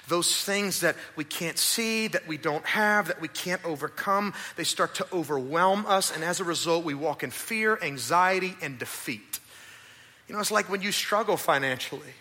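A male pastor preaching a sermon at a church service, animated and acting out voices. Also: on the high side. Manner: animated, acts out voices and asides.

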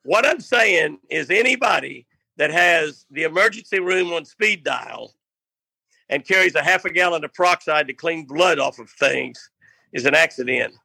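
Older guy telling a fishing yarn, gravelly and bright, dry close sound. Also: on the high side, expressive, normal speed, no room sound. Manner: rambling, self-interrupting, laughing at his own tale. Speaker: guest storyteller. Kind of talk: casual anecdote telling.

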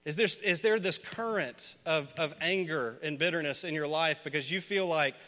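Preaching to his congregation at a moderate pace, a pastor with a high, bright, ringing voice delivers an earnest sermon whose words fade into the long reverb of a church hall. He drives his points home with repeated questions that swell into loud pleading.

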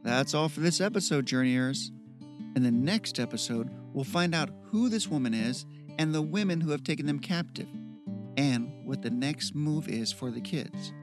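A man narrating a fiction podcast in a steady reading voice and signing off to his listeners. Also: mid-range voice, moderate pace, over music. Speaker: podcast storyteller. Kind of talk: scripted story narration.

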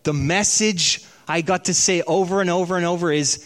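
A man preaching a sermon, telling stories and slowing down for emphasis. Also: high voice, fairly bright tone. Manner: storytelling, slows down for emphasis. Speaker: pastor.

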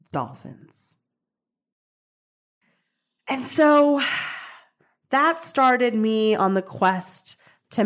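A woman hosting a podcast, telling a personal story in a chatty, animated way that wanders off on tangents. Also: mid-range voice. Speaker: podcast host.

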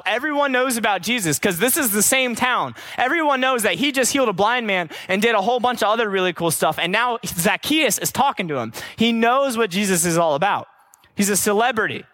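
Young male youth speaker, high bright voice, energetic and chatty. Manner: energetic, slangy, chatty asides. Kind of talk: casual Bible teaching.

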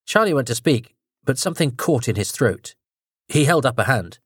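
A man narrating a dark story in a measured, dramatic storytelling manner. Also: mid-range voice, husky, no room sound, clean studio sound.

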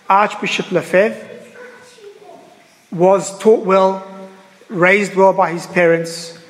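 A man preaching a sermon as a priest, earnest and halting, repeating phrases and pausing on fillers. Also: high-pitched, a bit bright, big-room sound, poor audio.

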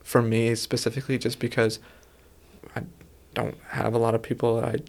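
Male host, casual chat; reflective, hesitant, medium-pitched voice. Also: little pitch movement, a little fast, gravelly, a little mellow. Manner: reflective, hesitant, many fillers. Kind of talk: casual conversation.

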